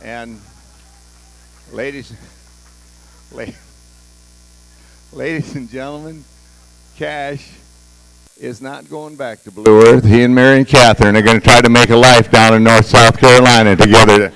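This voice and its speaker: A man hosting a graduation ceremony, speaking to the class and the audience in a halting way, with many fillers and restarts. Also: medium pitch, fairly even intonation, a bit bright, clear, resonant tone. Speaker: auction school leader hosting a graduation.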